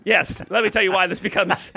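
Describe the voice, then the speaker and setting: A man hosting a podcast, telling a story in casual chat, animated and profane. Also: sits high, a little fast, creaky, soft background music. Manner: animated, profane, acts out quotes. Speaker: podcast host.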